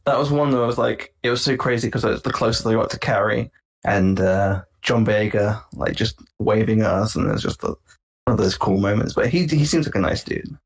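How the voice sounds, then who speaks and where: A man co-hosting a live podcast, reminiscing in a relaxed, hesitant way. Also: lowish voice, brisk, breathy edge. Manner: relaxed, hesitant, with fillers and restarts. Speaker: podcast co-host. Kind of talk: casual chat.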